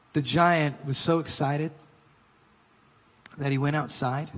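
A man preaching a sermon, telling and reading a story in an earnest manner that swings from emphatic to hushed. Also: a little high, big-room sound. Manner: earnest, builds to emphatic reading then drops to hushed whisper.

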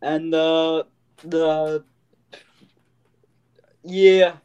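A man's voice: a little high, level tone, very slow, a little mellow, clear, resonant tone, dull audio, voice pushed up. A man putting on a New Jersey accent, playing a boastful New Jersey guy who loves mob shows. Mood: boisterous. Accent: put-on New Jersey. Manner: exaggerated, boastful proclamations. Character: loud brash New Jersey guy, mob-show fan.

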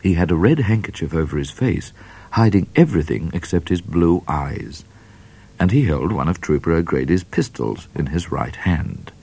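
A man reading a children's storybook aloud in a measured, expressive narration. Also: sits low, gravelly, husky. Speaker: reader.

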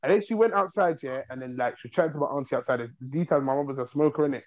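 A young man telling a long story in a rambling, animated way, repeating himself. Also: medium pitch, fast talker, lo-fi sound. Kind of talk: casual storytelling.

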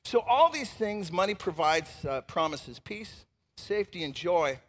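A man preaching a sermon as pastor, animated and emphatic, swinging between loud outbursts and hushed asides. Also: sits high, unhurried, big-room sound.

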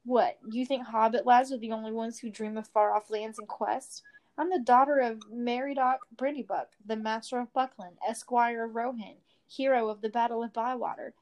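A woman's voice: a little high, steady tone, moderate pace, darkish tone, close to an everyday voice. A woman reading the lines of a spirited young hobbit girl in a storybook, with a bold, teasing delivery.

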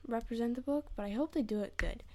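A woman's voice: fairly high pitch, fast, mellow. A teenage girl co-hosting a casual podcast, brief and matter-of-fact. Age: teens. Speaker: podcast co-host.

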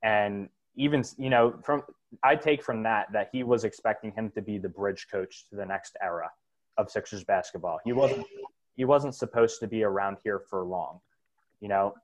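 A man's voice: on the low side, normal speed, rough recording. A man hosting a casual sports talk show, blunt and opinionated, rambling with fillers. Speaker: sports podcast host.

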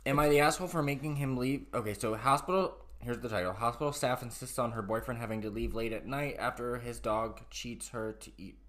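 A man co-hosting a podcast, reading posts aloud haltingly with restarts and breaking in with blunt, profane remarks. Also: medium pitch, a bit bright. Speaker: podcast co-host.

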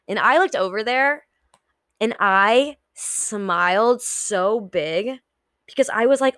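A woman's voice: fairly high pitch, takes it slowly, fairly bright tone, no echo, studio quality. Frank, swearing young woman podcaster. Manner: frank, swears casually, acts out her own inner voice. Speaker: podcast host. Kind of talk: casual solo podcast talk.

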